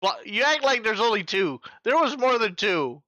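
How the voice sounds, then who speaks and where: Man, forties, trivia host, casual banter, cursing, sound effects, animated, dry close sound. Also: high-pitched, moderate pace, no echo, muffled recording. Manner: joking, swears freely, makes sound-effect noises. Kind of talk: casual livestream chat.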